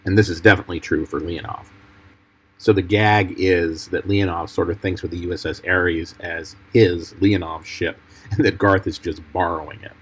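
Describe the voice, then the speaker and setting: A man, a film editor, giving measured, explanatory commentary over clips from a fan film. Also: low voice, steady tone, breathy edge, low-quality recording.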